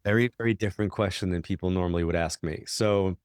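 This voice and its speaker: A man's voice: quick pace, clear, resonant tone, no echo, clean studio sound. A middle-aged man, a guest telling long stories in casual conversation and acting out the dialogue. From New York. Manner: animated, acts out quoted dialogue with big pitch jumps. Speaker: guest, psychic medium. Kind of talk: conversational storytelling.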